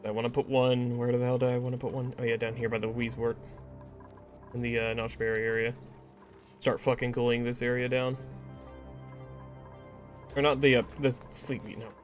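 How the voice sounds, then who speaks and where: A man's voice: medium pitch, monotone, normal speed, pauses often, soft background music. A man streaming a game, talking to himself, swearing often and getting frustrated. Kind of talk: casual gameplay commentary.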